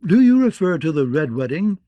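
A man's voice: on the high side, big pitch swings, a little fast, no room sound, dull audio, voice pushed up. A man voicing an eager young admiral proposing plans.

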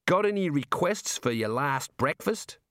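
A man voicing a cheerful, chatty prison warder, talking in a folksy, drawn-out way. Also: a little high, animated, fairly bright tone, no echo, studio quality, voice pushed up. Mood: jovial. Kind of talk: audiobook character voice.

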